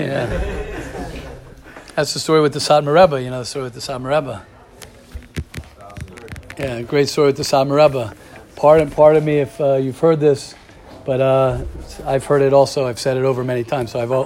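A man teaching a religious study class in a casual, animated lecture, telling stories and calling on students by name. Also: mid-range voice, normal speed, pauses often.

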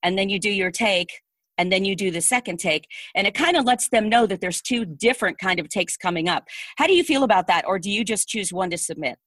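A woman's voice: mid-range voice, animated, a little fast, fairly bright tone, dry recording. Woman coach hosting a chat, easygoing, super dry close sound. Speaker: host and voiceover coach. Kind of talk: conversational interview.

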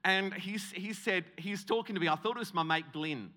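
A man preaching, his voice high and bright. He tells a comic story about himself and stumbles into many restarts. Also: fairly quick. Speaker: guest preacher. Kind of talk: humorous sermon story.

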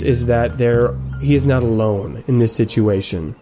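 A man's voice: medium pitch, measured pace, hardly any pauses, warm tone, faint music behind. Easygoing male game master. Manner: laughing, easygoing. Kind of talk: narrating a tabletop game.

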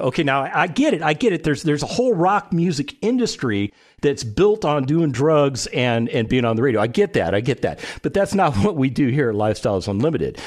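Male radio host, lively pitch, storytelling monologue, acts out quotes.

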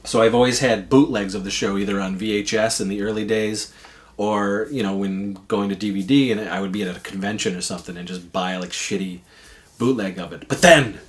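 A man's voice: on the low side, steady tone, fairly quick. Casual male storyteller, rambling and loose, swears freely. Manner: rambling, swears, lots of fillers.

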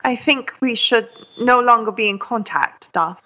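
A bright-voiced woman speaks slowly and deliberately as she accuses her mentor of betrayal. The sound is slightly dull and lo-fi. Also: on the high side. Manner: hurt, accusing, measured.

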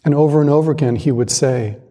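A man giving a calm, reflective dharma talk as a Zen monastic teacher, speaking in a measured way with pauses. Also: on the high side. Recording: long hall reverb.

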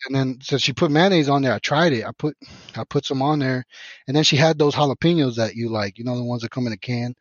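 A man's voice: mid-range voice, fast talker, dry recording. A man from Mexico telling a rambling, profane story in casual podcast chat, full of restarts. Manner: profane, rambling, animated retelling with many restarts. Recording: dull lo-fi podcast audio.

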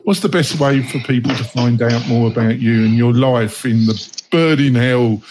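A man's voice: medium pitch, normal speed, background noise. A man hosting a roundtable podcast, talking in a chatty way with many fillers. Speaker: podcast host.

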